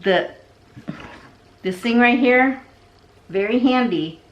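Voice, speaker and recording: A middle-aged woman telling a long story in a casual, rambling way while she arranges plants, often dropping into soft asides. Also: on the high side, lively intonation, slow pace, dull audio, slight background noise. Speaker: succulent vlogger.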